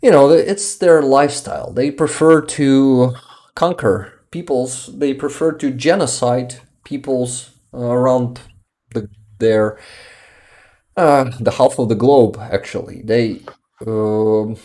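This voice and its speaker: A man's voice: mid-range voice, takes it slowly, warm tone. A young man from Ukraine with a Ukrainian accent, hosting a casual livestream, reading viewer messages aloud and often laughing or hunting for English words. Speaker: livestream host. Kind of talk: casual live-stream chat reading messages.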